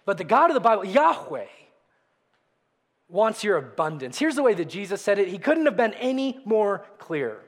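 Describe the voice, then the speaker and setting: A man in middle age delivers a sermon with a fairly high voice. He pushes key words out loudly, then drops almost to a whisper. His voice carries a long hall reverb, as in a large church. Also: sing-song, normal speed. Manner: dynamic preaching, swings from loud emphasis to near whisper. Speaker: pastor.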